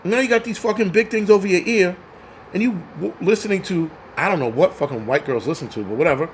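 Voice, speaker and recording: A high-pitched man rants on his live stream, cursing freely and tripping over repeated words as he presses his points. A faint hum of noise sits under his voice. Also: fast. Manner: profane, heated ranting with stammered restarts. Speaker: channel host.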